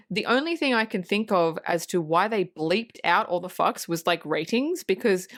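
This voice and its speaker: Woman podcast cohost, swears a lot, laughs, acts out the movie scenes, normal mid voice. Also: mid-range voice. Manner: swears freely, laughs often; animated storytelling with acted quotes. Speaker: podcast co-host. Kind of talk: casual film review chat.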